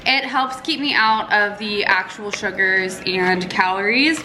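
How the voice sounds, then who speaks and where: A woman's voice: medium pitch, a little slow, pushed and bright, echoey room. A young woman in her twenties chatting casually at home as a vlogger, talking through her routine with lots of "like" and little laughs. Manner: chatty, says "like" often, laughs between thoughts. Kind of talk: casual vlog chat. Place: at home, indoors.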